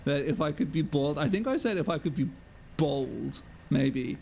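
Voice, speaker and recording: A man's voice: a little high, expressive, moderate pace, vocal fry, a little mellow, a little hiss or hum. A man streaming a game live, chatting with viewers, sweary and self-mocking. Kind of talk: live gameplay commentary.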